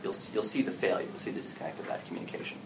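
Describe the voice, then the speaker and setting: A man's voice: deep voice, steady tone, rapid-fire. A man giving a casual talk to an audience at an event about story games, speaking animatedly and acting out what players and game masters say. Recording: distant mic with clear background noise.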